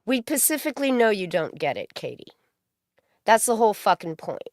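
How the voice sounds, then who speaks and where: A woman's voice: medium pitch, very animated, moderate pace, no room sound, studio quality. A woman hosting a stream, giving a profane, mocking commentary rant.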